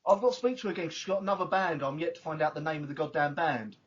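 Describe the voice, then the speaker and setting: A man hosting a casual podcast, wry and teasing, often laughing. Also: very fast. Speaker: podcast host. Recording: dull lo-fi audio with faint rumble.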